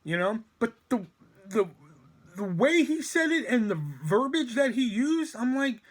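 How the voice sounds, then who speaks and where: A man with a noticeably high-pitched voice tells a long story in a loose, rambling way. He swears constantly and leans hard on his words for emphasis. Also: animated, measured pace. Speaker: storytime vlogger. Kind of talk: casual storytelling rant.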